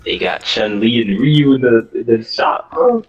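A man chatting casually as a teammate on a gaming stream, goofy and excitable. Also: mid-range voice, moderate pace, lo-fi sound, a little hiss or hum. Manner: goofy, excitable, easily laughing.

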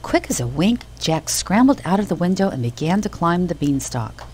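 A woman narrating a children's storybook in an expressive, animated way. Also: fairly low pitch, moderate pace, slightly rough, faint music behind, rough recording.

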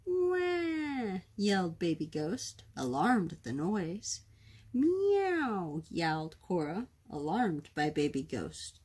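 A woman reading a children's picture book aloud in a gentle, expressive storytime manner. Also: low-pitched, measured pace, hardly any pauses, husky. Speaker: storytime reader.

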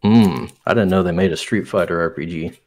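Low-voiced man, relaxed game designer. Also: brisk. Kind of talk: casual interview chat.

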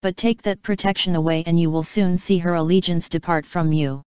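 A woman's voice: fairly low pitch, steady tone, brisk, darkish tone, clean tone, dry recording, close to an everyday voice. Woman doing a sly, malicious male accuser. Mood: scheming. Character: scheming male enemy of the king, malicious accuser.

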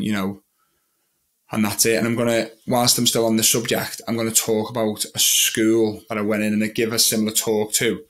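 A man's voice: on the low side, a bit bright. A young man, a magician talking about his own past as an interview guest, rambling a little and quoting his own thoughts. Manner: rambling, with many restarts and quoted thoughts. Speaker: guest, magician and mental health advocate. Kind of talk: candid personal storytelling in an interview.

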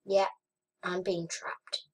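A young woman chatting casually over her gameplay, murmuring to herself and then bursting into frustrated shouts. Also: fairly low pitch, flat delivery, slow, husky. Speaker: gaming vlogger. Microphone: webcam or desk mic.

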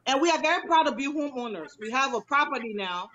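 A woman's voice: high voice, lively intonation, fast, a bit bright, dull audio, a little hiss or hum. A woman and new homeowner, speaking effusively on a video call and thanking her agent over and over. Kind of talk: grateful testimonial on a video call.

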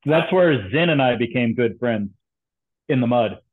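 A man's voice: mid-range voice, animated, unhurried, slightly rough. A man casually telling stories from his training days, with dry, teasing banter. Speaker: former SEAL guest. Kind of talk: casual storytelling chat. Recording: tinny phone-like line.

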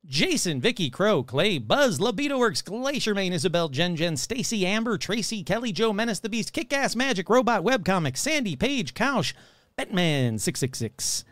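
A man's voice: sits high, very animated, normal speed, a bit bright, no echo. A man hosting a podcast, talking casually and jokily as he rattles off long lists of listener names. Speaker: podcast host.

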